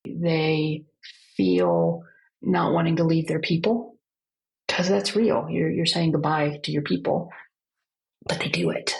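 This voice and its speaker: Low, gravelly-voiced woman telling gentle stories. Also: lively intonation, poor audio. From United States. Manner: gentle, unhurried storytelling with pauses. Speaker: end-of-life counselor and guest. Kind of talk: reflective podcast conversation.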